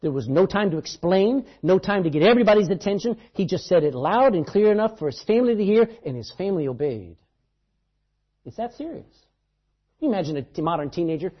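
A man preaching a sermon, telling stories with emphasis and swinging between loud outbursts and hushed asides, in a dull lo-fi recording. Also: high-pitched, expressive, brisk.

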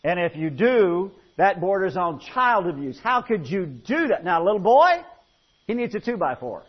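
A man's voice: high voice, very animated, moderate pace, breathy edge. A man preaching a sermon, telling folksy, humorous stories and often restarting his phrases. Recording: dull lo-fi recording.

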